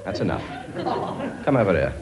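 A man's voice: low voice, big pitch swings, dull audio, crowd noise. A man playing a bossy, jokey king who fathers dozens of children, in a stage comedy sketch. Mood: bossy, jovial. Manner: brisk, blustering and jokey. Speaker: comic lead in a sketch. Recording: audience laughter behind voice.

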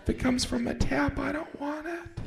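A man from Indiana doing a stand-up comedy routine, animated and slipping into character voices. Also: very high voice, normal speed, vocal fry, a faint crowd, a little hiss or hum. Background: audience laughter.

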